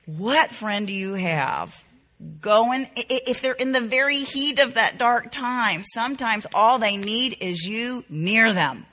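A woman's voice: mid-range voice, unhurried, pushed and bright. A middle-aged woman teaching a Bible class to women, earnest and tender, repeating key phrases to drive them home. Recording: reverberant hall.

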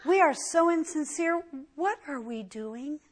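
Slow, earnest woman preaching a sermon. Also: sits high, lively intonation. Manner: earnest and emphatic, often rising sharply for stress. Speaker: Bible teacher.

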